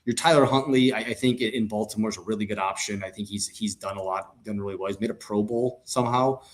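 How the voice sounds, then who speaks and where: A man's voice: lowish voice, fast talker. A man co-hosting a sports podcast, talking casually with jokes, fillers and restarts. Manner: animated, joking, many fillers and restarts. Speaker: podcast co-host.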